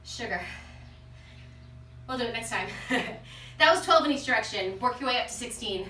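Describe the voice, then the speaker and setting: A woman's voice: on the high side, lively intonation, normal speed, pauses often, pushed and bright, slight background noise. Breathless woman counting workout reps. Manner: counts reps aloud, cheerful and encouraging. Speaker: fitness instructor. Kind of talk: leading a follow-along workout. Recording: roomy sound from a distance.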